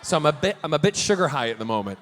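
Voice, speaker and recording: A high, bouncy male voice that swoops up and down as he spins cheeky, campy stories for a convention crowd. He talks in energetic bursts, full of restarts and asides. The sound carries a long hall reverb with faint noise underneath. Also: rapid-fire. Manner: campy, bawdy, playful joking with the crowd; energetic, rambling anecdotes with many restarts. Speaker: celebrity convention panel guest. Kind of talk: live convention Q&A storytelling. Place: large convention hall panel room.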